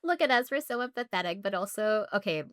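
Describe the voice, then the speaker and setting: A woman's voice: medium pitch, animated, fast talker, no echo, clean studio sound. A woman co-hosting a podcast in casual chat, rambling with lots of fillers and frequent laughter. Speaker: podcast co-host.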